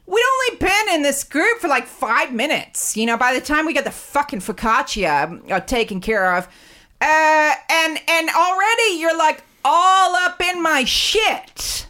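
A woman with a bright, sharp, somewhat high voice delivers a razor-edged comedic rant. She swears freely and talks fast, quoting and mocking the people she is complaining about. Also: animated. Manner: sharp, profane, fast-talking ranting. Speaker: comedy guest telling a story. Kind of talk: ranting comedic monologue.

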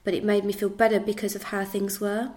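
A woman with an English accent giving a halting spoken account, retelling conversations step by step. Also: mid-range voice, faint music behind. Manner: flat, halting retelling with reported speech. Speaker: interviewee recounting events. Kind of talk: spoken testimony.

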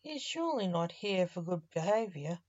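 A woman voicing a stern old male reaper who croaks and hisses. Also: lowish voice, very animated, moderate pace, darkish tone, dry recording, muffled recording.

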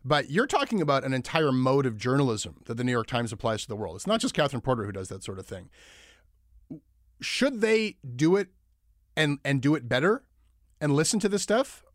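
A man hosting a podcast discussion, speaking in a measured way and posing questions to a guest. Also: medium pitch, sing-song, dry recording, clean studio sound. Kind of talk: discussion talk.

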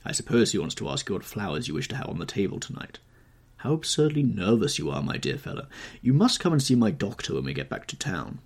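A man voicing a witty, cynical aristocratic gentleman who drawls amused epigrams, in an audiobook reading. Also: fairly low pitch, big pitch swings, fast talker, gravelly, slightly rough, full character voice.

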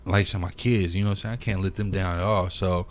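A man's voice: sits low, fairly even intonation, fast talker. A man from Minnesota, a music producer, talking as a guest on a podcast in a loose, profane storytelling way. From St. Paul, Minnesota, USA. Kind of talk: casual podcast conversation.

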